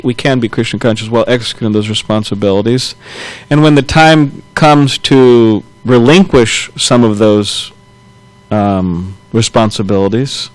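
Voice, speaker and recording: Casting note: a man leading a scripture class at mid pitch, easygoing and halting, chuckling as he retells a story. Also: rough recording. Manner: loose, halting retelling with chuckles and self-corrections. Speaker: temple class speaker.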